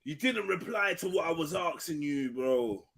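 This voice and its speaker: Teasing high-voiced man, quick lively delivery, crowded audio. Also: vocal fry, a crowd in the background. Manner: teasing, repeats his points. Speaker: panel participant. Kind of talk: casual group chat.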